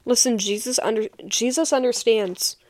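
A woman's voice: on the high side, moderate pace, darkish tone, dry recording. A young woman and podcast host giving a heartfelt personal faith testimony, speaking earnestly and repeating key phrases for emphasis.

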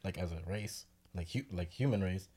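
Laid-back young man, lower voice. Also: moderate pace, mellow, slightly rough. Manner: laid-back, explains at length with many fillers. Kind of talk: casual chat.

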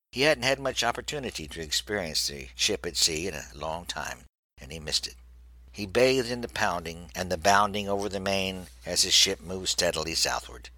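A man reading a naval story aloud in a steady, measured way. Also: low voice, no room sound, rough recording. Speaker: narrator.

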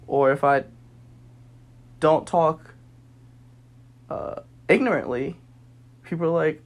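A man's voice: on the high side, expressive, measured pace, gravelly, long pauses. A young man speaking a personal monologue, earnest and weary, sometimes heated.

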